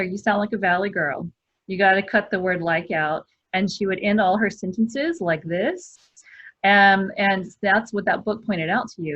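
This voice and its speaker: Low-voiced woman giving earnest advice. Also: a bit bright, no room sound. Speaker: panelist, hospital executive. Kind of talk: video-call panel discussion. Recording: dull, dry lo-fi call audio.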